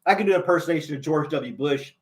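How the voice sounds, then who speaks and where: A man's voice: on the high side, racing. Chatty, laughing male host. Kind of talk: casual chat.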